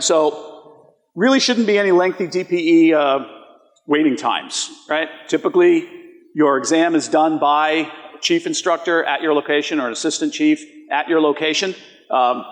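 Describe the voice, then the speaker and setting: A man giving a conference presentation, walking an audience through live polls in a conversational way and often asking them rhetorical questions. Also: fairly high pitch. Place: conference hall. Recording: long reverb of a large hall.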